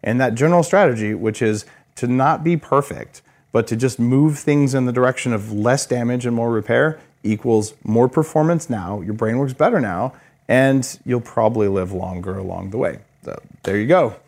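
A man's voice: mid-range voice, normal speed. A man hosting a podcast, talking casually with lots of "like" and "uh," keen on health gadgets. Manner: relaxed, filler-heavy, enthusiastic about gadgets. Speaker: podcast host. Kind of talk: casual interview and studio walkthrough.

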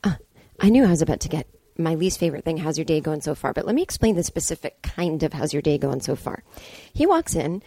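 A woman's voice: low voice, big pitch swings, fast, mellow, dry recording. A woman hosting a solo comedic podcast, telling an exasperated story and acting out both sides of the conversation with blunt, profane asides. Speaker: podcast host. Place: indoors, hotel room.

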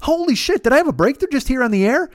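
A podcast host rambles through a comedic monologue, swearing freely and making fun of himself. His high voice is very animated and he talks at a fast clip. The recording is close and dry, with no echo, like a podcast studio.

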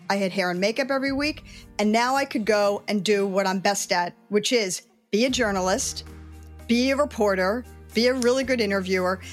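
A middle-aged woman, a veteran sports reporter, telling candid stories from her career in an interview. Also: medium pitch. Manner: candid, animated storytelling. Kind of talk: interview storytelling.

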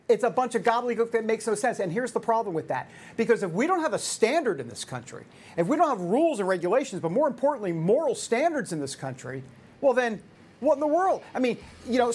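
A woman's voice: fairly high pitch, darkish tone, husky. A woman in her fifties hosting a talk show, giving opinionated commentary with sarcastic, jokey asides. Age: 50s.

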